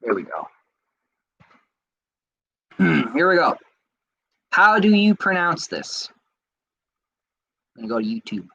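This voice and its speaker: A man hosting a podcast, reading out viewer comments in casual chat and answering them in an excitable, rambling way. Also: a little high, slow pace, gravelly, long pauses, breathy edge, no room sound, highs cut off. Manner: excitable and rambling, with frequent restarts. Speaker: podcast host.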